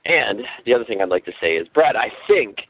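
A man leaving a cheerful, teasing voice message for the hosts, speaking haltingly. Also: fairly low pitch, sing-song. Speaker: listener sending a voice message. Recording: dull lo-fi voice message.

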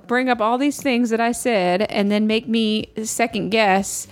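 A woman co-hosting a casual faith discussion, telling her own stories in an earnest, chatty way with quick asides. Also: on the high side, steady tone, faint music behind. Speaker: podcast co-host.

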